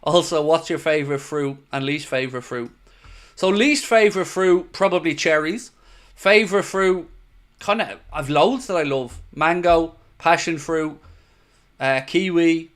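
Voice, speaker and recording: A man's voice: fairly high pitch, measured pace, a bit bright. A young Irish man hosting a football watchalong stream, chatting casually and reading out viewer comments. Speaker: watchalong host.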